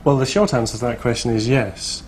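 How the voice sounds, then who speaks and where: A man's voice: medium pitch, fairly quick, slight background noise, low-quality recording. A man working as a forensic drug scientist, explaining samples in a plain, friendly way during a lab tour.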